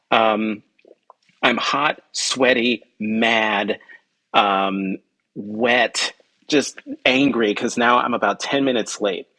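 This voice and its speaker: A male journalist, a guest on a podcast, telling a personal story in conversation, acting out quoted dialogue with jumps in his voice and frequent ums. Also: poor audio. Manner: animated, acts out quoted dialogue with pitch jumps; frequent ums and self-corrections.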